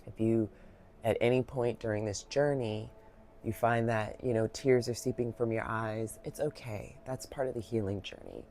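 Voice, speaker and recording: A woman giving a reflective guided Reiki talk, soft-spoken, heartfelt and rambling, with many fillers, a little emotional. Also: very deep voice, steady tone, moderate pace, slight background noise. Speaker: Reiki practitioner.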